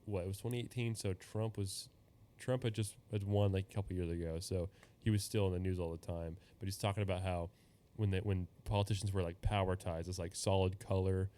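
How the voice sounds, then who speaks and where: A man's voice: sits low, fairly even intonation, fairly quick, warm tone. A young man hosting a podcast, telling loose stories with lots of laughs and swearing. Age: young adult. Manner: laughing, swearing, rambling storytelling. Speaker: podcast host. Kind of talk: casual chat.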